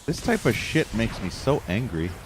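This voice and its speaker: Man streaming gameplay, angry profane ranter, pitch swings widely, faint hiss behind. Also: big pitch swings, moderate pace. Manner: profane, ranting, easily frustrated. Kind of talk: live gameplay commentary.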